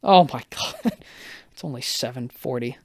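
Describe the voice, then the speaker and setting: A young man hosting a solo podcast, telling a story in a casual, rambling, profane way, a little hoarse and stopping often to correct himself. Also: medium pitch, expressive, normal speed, no room sound, clean studio sound. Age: young adult. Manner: rambling, profane, self-interrupting. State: slightly hoarse. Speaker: podcast host.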